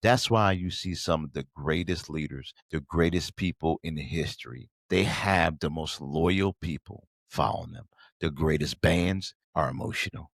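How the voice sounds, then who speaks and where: A man's voice: a bass voice, normal speed, no echo, studio quality. A man hosting a podcast, giving a motivational business talk in an emphatic, preachy way and addressing listeners directly. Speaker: podcast host.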